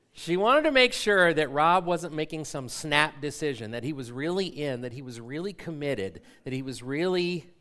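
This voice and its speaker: A male pastor in his forties tells a funny personal story from the pulpit and pokes fun at himself as he acts out every line of dialogue. His voice sits a little high for a man and swings widely up and down. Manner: animated storyteller, self-mocking, acts out dialogue.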